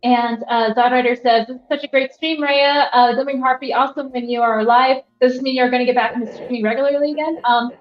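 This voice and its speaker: A woman's voice: sits high, steady tone, fast talker, few pauses, soft background music. A young woman hosting a casual livestream, rambling with lots of fillers and reading chat aloud from a rented apartment. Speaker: livestream host. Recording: roomy, slightly dull sound.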